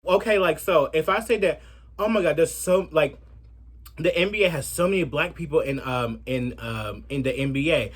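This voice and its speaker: A man giving a brash, profane commentary rant in a sassy, animated way. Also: a little high, normal speed, breathy edge. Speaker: commentary vlogger.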